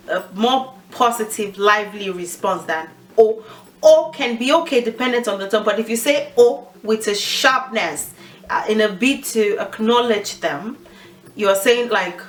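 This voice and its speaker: A woman's voice: medium pitch, normal speed, a bit bright, recorded from a distance, low-quality recording. A woman giving a casual language lesson, chatty and laughing often as she mixes in Yoruba phrases.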